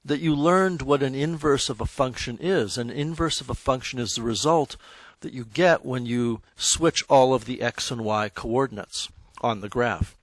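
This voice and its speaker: A man's voice: medium pitch, moderate pace, no echo. Man, math teacher, classroom lecture, conversational, dry close sound. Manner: conversational, self-correcting, checks in with students. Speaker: high school math teacher.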